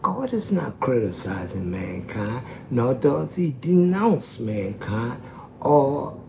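Slow gravelly preacher guy leaning hard on his words, faint noise behind. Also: medium pitch, sing-song, mellow. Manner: slow, emphatic preaching, stretching key words. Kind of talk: sermon.

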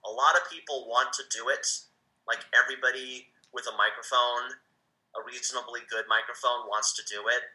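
A man, a voice actor, chatting casually as an interview guest, with halting speech and many restarts. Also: medium pitch, fairly even intonation, pushed and bright, poor audio.

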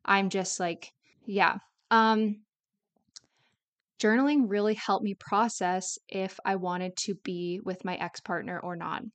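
Young woman solo podcaster, clear resonant voice, mid pitch, chatty and confessional, rambles with fillers. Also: fairly even intonation, takes it slowly. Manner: casual, rambling, many "like" fillers; candid, confessional. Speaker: podcast host.

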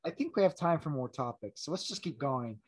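A young man co-hosting a casual chat, playful and jokey with quick asides. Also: on the high side, animated, husky. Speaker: podcast co-host.

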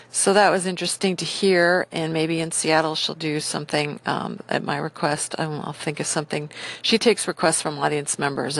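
A woman's voice: fairly low pitch, creaky. A middle-aged woman talking casually in a rambling, enthusiastic monologue full of fillers.

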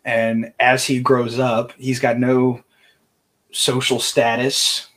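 Husky man in halting faith talk. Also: medium pitch, flat delivery, fairly bright tone. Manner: halting, many restarts and fillers. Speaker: podcast co-host. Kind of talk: casual faith discussion.

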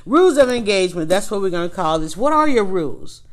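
A woman talks into the mic as the host of her own motivational podcast, coaching the listener directly. Her delivery is animated and loose, wandering into asides and restarting sentences as she goes. Her voice sits at an ordinary middle pitch. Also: fast talker.

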